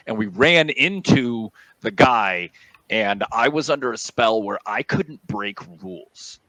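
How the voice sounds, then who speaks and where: A man, a guest on a video call, telling stories from his tabletop games in an animated, laughing way. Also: on the low side, unhurried, no room sound, rough recording. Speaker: guest, D&D player. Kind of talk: casual storytelling on a video call.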